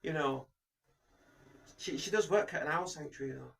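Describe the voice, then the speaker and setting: A man's voice: on the high side, moderate pace, vocal fry, distant mic. A man co-hosting a podcast, bantering playfully and slipping into silly impressions. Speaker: podcast co-host. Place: small summerhouse studio.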